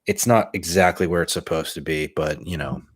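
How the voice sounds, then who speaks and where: A man's voice: sits low, moderate pace, husky. A man hosting his own podcast, rambling casually and swearing now and then as he talks into a desk microphone. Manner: rambling, profane, self-deprecating. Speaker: podcast host. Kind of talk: casual stream-of-consciousness talk. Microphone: desk USB mic on boom arm.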